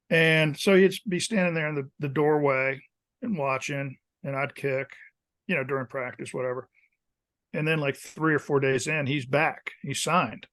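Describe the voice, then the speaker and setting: A man in his fifties, a former college kicker, telling casual stories as a podcast guest and acting out the coaches he quotes. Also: mid-range voice. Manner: animated storyteller who acts out quoted coaches. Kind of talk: casual storytelling interview.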